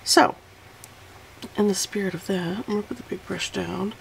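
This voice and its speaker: A woman's voice: mid-range voice, steady tone, moderate pace, creaky, a little hiss or hum, rough recording. A woman hosting a casual watercolor tutorial, chatty and self-deprecating as she narrates each painting step.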